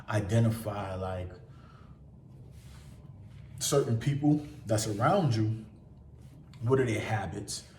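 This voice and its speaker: A man's voice: on the low side, darkish tone, recorded from a distance, a little hiss or hum. A man giving blunt, profane motivational advice in a casual monologue, acting out the people he quotes. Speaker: motivational vlogger. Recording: roomy sound from away from the mic.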